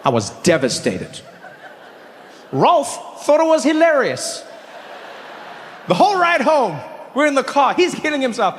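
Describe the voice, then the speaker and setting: Male comedian, stand-up story, high voice, animated delivery, faint ambience behind. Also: unhurried, pauses often, slight background noise. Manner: animated, jumps into high-pitched character voices.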